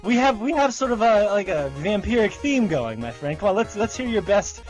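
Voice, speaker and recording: Upbeat guy hosting a podcast, kinda high voice, chatty. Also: sing-song, moderate pace, faint music behind. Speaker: podcast host. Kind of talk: casual podcast chat.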